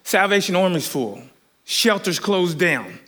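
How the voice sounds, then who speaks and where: Male preacher, high voice, animated rambling sermon storytelling. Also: unhurried. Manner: animated, rambling, many restarts and fillers.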